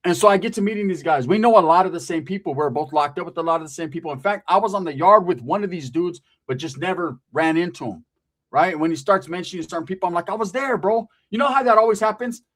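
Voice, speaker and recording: A man's voice: high voice, expressive, quick pace, a bit bright. A man from Central California telling a casual street story in a profane, streetwise way, often tagging lines with "right?".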